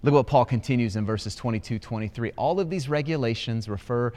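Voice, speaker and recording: A man preaching a sermon as pastor, telling stories with rising excitement. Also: mid-range voice, a little fast. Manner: animated storytelling with rising excitement. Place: church auditorium.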